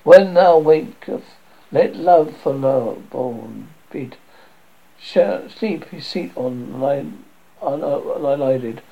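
A mischievous male fairy servant, spoken slowly and with stumbles, as a man reads him aloud. The voice is gravelly and husky, a touch high. It comes through a dull, lo-fi recording. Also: full character voice. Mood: musing. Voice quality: halting, stumbling reading.

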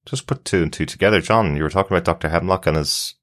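A man's voice: low-pitched, fast, a bit bright. A man co-hosting a podcast, chatting easily and reading out listener plugs. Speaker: podcast co-host. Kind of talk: casual chat.

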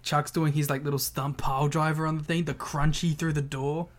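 An enthusiastic young man co-hosting a relaxed podcast, with a voice pitched a little higher than most men. He keeps the banter playful and gets audibly excited about the details. The talk stays loose and conversational. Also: fairly quick. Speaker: podcast co-host. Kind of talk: casual chat.

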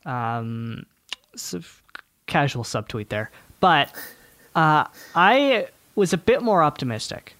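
A man co-hosting a sports podcast, chatting casually and thinking aloud with fillers and quick asides. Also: a little high, expressive, fairly bright tone, no room sound. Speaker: podcast co-host.

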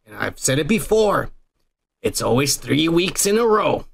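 Man, young adult, podcast host, crude joking banter, gravelly. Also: fairly high pitch, sing-song, a little slow. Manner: profane, joking, rambling.

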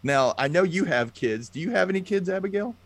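Brief: man, lively swooping intonation, excitable chatter, many "you know"s. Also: high voice, a little fast. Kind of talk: casual chat.

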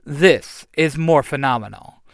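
A man voicing an eager, spirited young female hero with a raised, excited voice. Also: fairly high pitch, unhurried, vocal fry, dry recording, clean studio sound.

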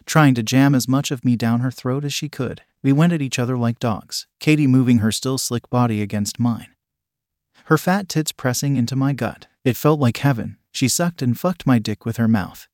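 A man reads a first-person story aloud in a steady, matter-of-fact way. His voice sits at an ordinary middle pitch, and the recording is close and dry with no room around it. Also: moderate pace, no room sound. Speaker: story narrator. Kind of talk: first-person fiction narration.

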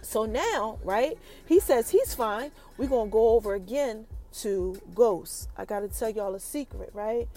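A woman hosting a podcast, recapping an episode in an animated casual chat that talks straight to her listeners. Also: a little high, a little slow, hardly any pauses. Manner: animated, addresses listeners directly as y'all. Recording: light background music.

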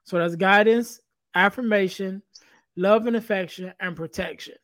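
High-voiced man hosting a podcast, dry sound. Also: moderate pace, a bit bright, no room sound. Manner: methodical, lists points and repeats them back. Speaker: podcast host. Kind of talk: casual podcast interview.

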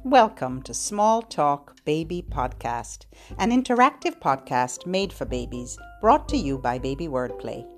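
Slow sing-songy lady singing baby rhymes, highish bouncy voice. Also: very animated, soft background music. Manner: gentle, slow and sing-songy, with playful high and low hellos. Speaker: children's librarian hosting a baby podcast. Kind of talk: sing-song nursery rhymes and songs for babies.

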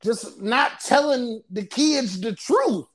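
Expressive mom in casual chat, slightly high voice, quick laughs, lots of "you know.". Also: female voice. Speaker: mother of a teen.

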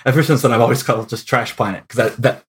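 A man's voice: medium pitch, steady tone, racing. A young man co-hosting a podcast, chatting casually and acting out quotes in put-on voices. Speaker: podcast co-host.

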